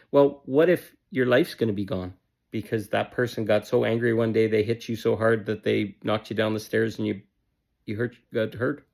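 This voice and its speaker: A man's voice: on the low side, fairly even intonation, moderate pace, gravelly, a little mellow. A man giving a motivational self-help talk in an emphatic, repetitive and blunt way, with casual swearing.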